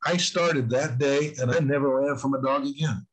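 An older man telling stories earnestly as a guest in an interview, with emphatic, drawn-out stresses on key points. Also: medium pitch, low-quality recording. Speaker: guest on spiritual warfare. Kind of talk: storytelling in casual interview.

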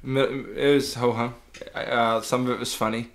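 A man's voice: medium pitch, little pitch movement, normal speed. A young man co-hosting a movie review podcast, dry and blunt, with a teasing streak. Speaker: podcast co-host. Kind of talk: casual movie review chat.

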